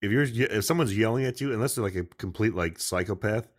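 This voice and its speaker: A blunt, profane man hosting a chat over a video call. His voice sits very low. He talks in loose, rambling runs. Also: fast. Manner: blunt, profane, acts out angry customers. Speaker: podcast host.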